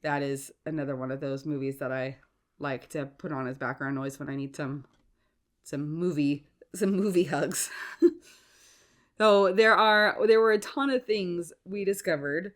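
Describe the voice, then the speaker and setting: A woman's voice: low voice, a little slow. Sick woman podcaster with a sore throat. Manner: stumbling over words, chatty and apologetic. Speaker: podcast host. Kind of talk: casual solo podcast talk.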